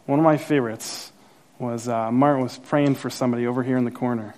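A man preaching a sermon as pastor, telling a personal story with acted-out quotes and rising excitement. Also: quick pace. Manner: animated storyteller, acts out quotes, grows louder and higher as the story builds.

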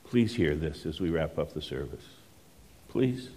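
Male pastor, deep low voice, unhurried sermon storyteller who sinks to a hush to drive points home. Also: expressive, husky.

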